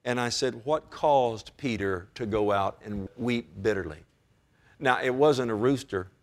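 A man's voice: medium pitch, unhurried. A man preaching a sermon as pastor, with emphatic rises and direct calls to his congregation.

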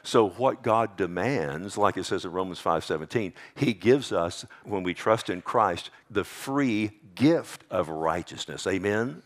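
A man with a Texas accent preaching a sermon, talking casually to the congregation and asking them for amens. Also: lively intonation. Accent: Texan. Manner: conversational, calls out to congregation for amens; slows and drops low on scripture lines.

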